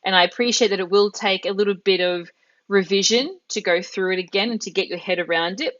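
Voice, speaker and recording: Woman, language teacher, live online lesson, patient step-by-step explaining, mid-pitched voice, slightly dull audio. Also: brisk, fairly bright tone. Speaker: Italian teacher.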